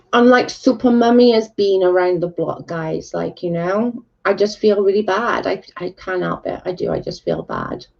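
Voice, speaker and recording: Heard through a dull lo-fi recording, a woman with a mid-range, creaky voice talks a little slowly. She's casually chatting on a livestream, responding to viewers' comments in a frank, blunt, sweary manner.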